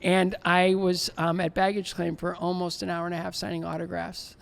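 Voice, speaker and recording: A man's voice: high-pitched, monotone, normal speed, vocal fry. A man in his sixties, a former Olympic skater being interviewed, telling stories animatedly, laughing often and acting out dialogue. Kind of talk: casual interview storytelling.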